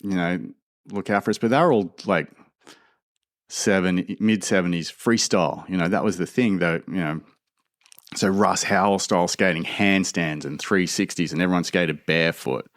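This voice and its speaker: A man in his fifties with an Australian accent, telling lively stories as a podcast guest with many restarts. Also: low-pitched, moderate pace, no echo, clean studio sound. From Sydney, Australia. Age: 50s. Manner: animated, full of restarts and laughter. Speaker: podcast guest, skater and skatepark designer. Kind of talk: casual storytelling.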